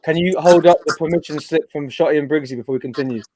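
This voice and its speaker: A man's voice: on the high side, fast talker, darkish tone. A man hosting a loose, slangy live-stream chat, laughing often. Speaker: host.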